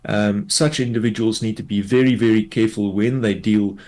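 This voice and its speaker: A man, a tax law expert, explains a court ruling in a measured way, with many fillers, in a radio news interview. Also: fairly low pitch, fairly even intonation, darkish tone.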